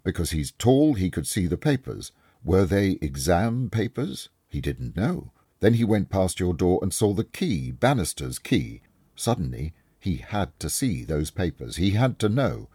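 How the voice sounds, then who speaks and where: Man reading as a calm, clever detective. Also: low voice, husky, dry recording, studio quality, voice pushed up, exaggerated voice. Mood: explaining. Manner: measured, explaining step by step. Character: calm clever male detective, kindly but firm. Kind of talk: audiobook reading.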